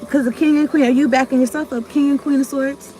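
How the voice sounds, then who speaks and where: A woman's voice: sits high, steady tone, quick pace, dark tone. A woman giving a casual tarot reading to her viewers, rambling, cutting herself off mid-thought and talking in slang with some swearing. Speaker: tarot card reader.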